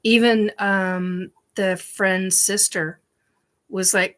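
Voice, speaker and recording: A woman's voice: mid-range voice, steady tone, slow pace, fairly bright tone. A woman hosting a show, telling a personal story in a rambling, emphatic way with many ums and restarts. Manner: emphatic, swears casually. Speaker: host.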